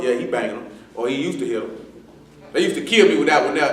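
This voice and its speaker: A man's voice: on the high side, rapid-fire. A man preaching a sermon in loose street slang, joking and quoting people. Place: church assembly hall. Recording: echoey hall from far off.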